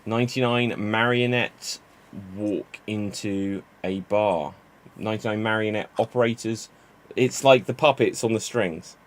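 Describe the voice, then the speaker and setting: A man hosting an online improv comedy show, telling quick joke setups and calling on players with a laugh. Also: lowish voice. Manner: chatty, laughs at jokes, quick to move on.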